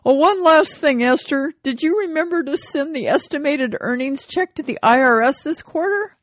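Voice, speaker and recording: Fretful old man, as a woman puts him on, anxious questions, raised pitch. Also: animated, normal speed, no room sound, studio quality. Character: anxious elderly husband on island.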